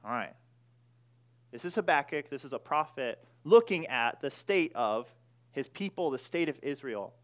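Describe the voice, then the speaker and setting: A man preaching, who prays quietly and then teaches a small group in a relaxed, conversational way, often restarting his sentences. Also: medium pitch, moderate pace. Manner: prays softly, then teaches in a casual, joking way with many restarts. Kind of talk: sermon.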